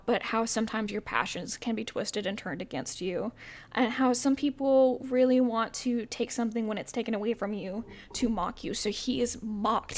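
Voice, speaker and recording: A young woman chatting casually to camera about films she loves. Her voice sits a little high, and she talks with eager, heartfelt enthusiasm. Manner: enthusiastic, emotional, talks fast with fillers. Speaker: vlogger reviewing films. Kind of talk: casual chat.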